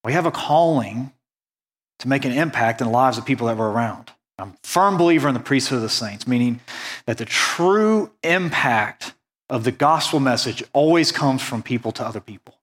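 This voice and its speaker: A man from the United States preaching a sermon, earnest and conversational, slowing down to stress key points. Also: mid-range voice, animated, a bit bright. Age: adult, went on a mission trip after high school. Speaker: pastor.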